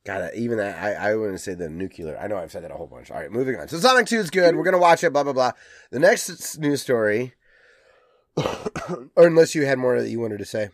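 A man hosting a podcast, reading the news items in casual chat and making dry, wry remarks that trail off quietly. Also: medium pitch, expressive, quick pace, no room sound. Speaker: podcast host.

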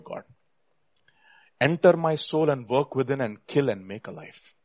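A man preaching a sermon, reading scripture and hymn verses with rising, swelling emphasis and dropping to quiet asides to his listeners. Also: medium pitch, lively intonation, a little slow, long pauses. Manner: addresses listeners as "my dear brothers".

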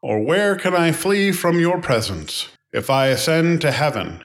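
A man giving a measured, unhurried reading of scripture passages. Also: fairly high pitch. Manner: calm, even, unhurried phrasing. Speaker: scripture reader.

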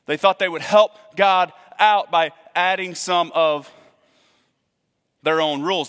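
A man preaching in a chatty, down-to-earth way, his voice pitched a little high and ringing bright. He jumps between loud, punchy emphasis and low, quiet asides. Long reverb from the hall trails after each phrase. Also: slow, clear, resonant tone. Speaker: pastor. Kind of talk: sermon.

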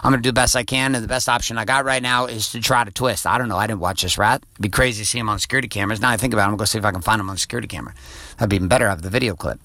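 A man's voice: mid-range voice, bright, forceful tone, no room sound. A middle-aged man hosting a motivational podcast from his car, blunt and profane in a coaching tone. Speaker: podcast host.

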